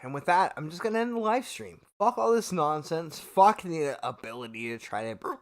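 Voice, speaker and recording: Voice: mid-range voice, expressive, moderate pace. A livestreamer ranting with constant swearing, tipsy from shots and hiccuping between words. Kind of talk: drunken livestream rant.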